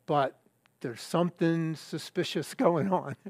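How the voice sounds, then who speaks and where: An older man preaching a sermon, reading scripture and telling a story in a halting, conversational way with fillers and restarts. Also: on the high side, a little mellow, dry recording.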